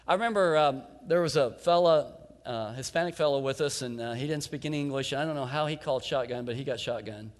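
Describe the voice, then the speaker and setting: A man preaching a sermon who tells a folksy personal story and drops into a softer, lower voice for quoted lines. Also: a little fast. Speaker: pastor. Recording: long reverb of a large hall.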